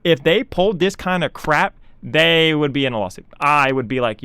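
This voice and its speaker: A young man rants in sarcastic, exasperated commentary, mocking other voices in quoted asides. His voice sits a bit high and sounds smooth and clean. The recording is dry and close, with no room sound. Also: animated, moderate pace, few pauses, sharp tone, dry recording. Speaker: VTuber commentator. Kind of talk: ranting commentary.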